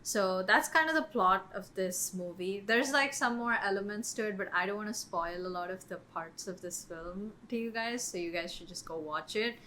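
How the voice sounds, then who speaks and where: A woman's voice: medium pitch, normal speed, hardly any pauses, pushed and bright, a little hiss or hum. A woman co-hosting a podcast, chatting casually about films, with lots of "um" and "like". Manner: chatty, many fillers like "um" and "like". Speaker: podcast co-host. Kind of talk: casual film discussion.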